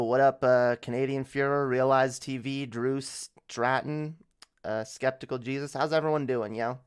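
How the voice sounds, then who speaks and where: A man hosts a laid-back livestream, his speech slow and drawn out, in a voice pitched squarely in the middle. He talks in a loose, profane, slang-heavy way, tossing out "yo" constantly and joking to himself. He speaks into a new desk mic with a pop filter. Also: smooth. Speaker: livestream host. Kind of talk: casual livestream chat.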